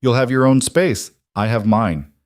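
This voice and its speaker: A man's voice: medium pitch, a little slow, no room sound, studio quality, lightly acted. A man voicing a cold, blunt mafia boss husband who speaks in curt, matter-of-fact commands in an audiobook reading. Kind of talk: audiobook narration.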